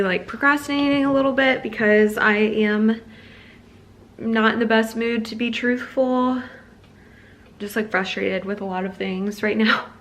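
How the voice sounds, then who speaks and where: A woman's voice: medium pitch, fairly bright tone. Chatty young woman vlogger, earnest. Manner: chatty, heavy use of "like" fillers; earnest and upset, close to tears. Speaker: small business owner and artist. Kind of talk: casual vlog talk to camera.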